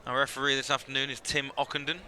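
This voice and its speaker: A British man giving play-by-play commentary on a football game, reading out stats and rising in pitch on the big plays. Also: flat delivery, very fast, sharp tone, a little hiss or hum. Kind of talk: live sports commentary.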